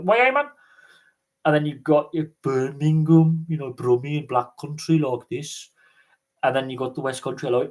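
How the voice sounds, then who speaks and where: A man with a Thames Valley English accent, hosting a casual livestream chat, rambling with lots of fillers and restarts. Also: medium pitch. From England. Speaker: livestream host.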